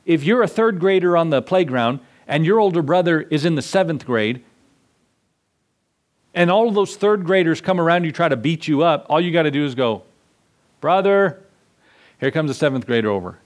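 A man preaching a sermon, swinging between loud emphatic lines and soft asides, acting out dialogue as he tells stories. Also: a little high. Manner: acts out dialogue in a storyteller's voice. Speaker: pastor.

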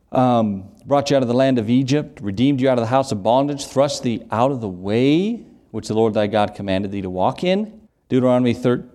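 A man's voice: medium pitch, dark tone. Man preaching an emphatic sermon. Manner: emphatic preaching, reading scripture aloud, rhetorical questions. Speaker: pastor.

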